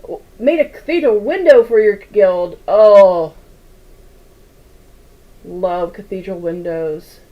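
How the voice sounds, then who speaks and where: Woman, quilting livestream host, unhurried casual chat, rambling, laughs a lot. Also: mid-range voice, lo-fi sound. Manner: chatty, rambling, laughs often, reads chat aloud. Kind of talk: casual chat while sewing.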